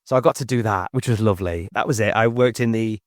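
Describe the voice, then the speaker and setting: Here the Englishman in his 40s talks fast, recorded at studio quality with no room sound. As a podcast guest in casual chat, he rambles through stories, restarting often and raising his pitch to quote people.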